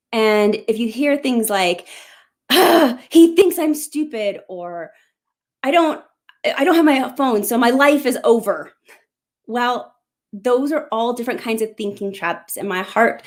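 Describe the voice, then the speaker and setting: A middle-aged woman hosting a live parenting question-and-answer talk, speaking earnestly and encouragingly straight to parents. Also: medium pitch. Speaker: parenting coach and show host.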